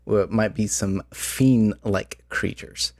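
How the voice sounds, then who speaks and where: A man's voice: on the low side, takes it slowly, no echo. Podcast host, male, chatty game master, rambling delivery, a bit worn out, dry close sound. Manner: rambling, many fillers and restarts. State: voice slightly going out. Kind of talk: casual chat about tabletop games.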